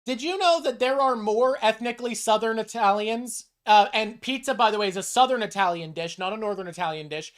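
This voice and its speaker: A woman streamer from North America rants in a casual chat, emphatic and quick to swear. Her voice sits on the higher side. She speaks in a loose, conversational way. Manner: emphatic, ranting, swears often. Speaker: streamer host.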